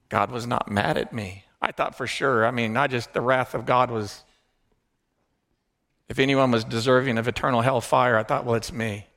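A middle-aged man preaching by telling his own testimony, earnest and hushed at tender moments, rising with excitement. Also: a little high. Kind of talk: sermon storytelling.

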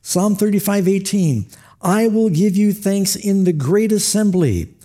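A man's voice: high-pitched, measured pace, mellow. A man preaching a sermon, telling stories with acted quotes and chuckles. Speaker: pastor.

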